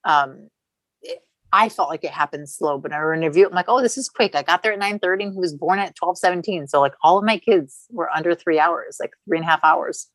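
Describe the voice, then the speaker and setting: A woman's voice: fairly low pitch, brisk, fairly bright tone, no room sound, rough recording. A woman in her thirties, a podcast guest, telling a long personal story in a chatty, candid way with casual swearing.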